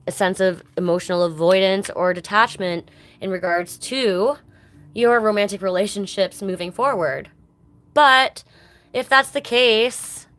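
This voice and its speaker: A woman's voice: mid-range voice, fairly bright tone. Woman, card reader, casual live stream, chatty, affectionate. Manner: chatty and affectionate, chats with viewers and calls them baby.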